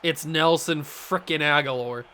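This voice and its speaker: A young man runs a casual play-by-play of his own football video game. His voice sits high and bright, and it keeps tipping into excited outbursts and asides to himself between the calls. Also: a little slow, clear, resonant tone. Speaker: gaming channel host.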